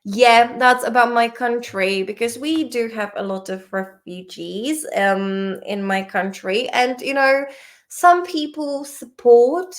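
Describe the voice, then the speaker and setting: A woman's voice: a little high, slow pace. A woman teaching vocabulary in a casual, playful study-along lesson, chatting and swearing at the dictionary as she goes.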